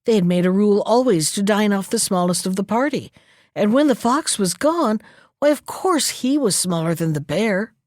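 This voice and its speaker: A woman storyteller reading a folktale aloud in a clear, expressive way. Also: mid-range voice, normal speed, no room sound, studio quality. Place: library.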